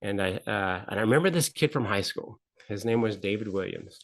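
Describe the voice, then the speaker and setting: A man's voice: on the low side, expressive, brisk. A middle-aged man, a guest on a talk show, telling a personal story in an earnest way and acting out the people he quotes. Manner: earnest, repeats phrases, acts out quotes. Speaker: podcast guest. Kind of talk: candid storytelling interview.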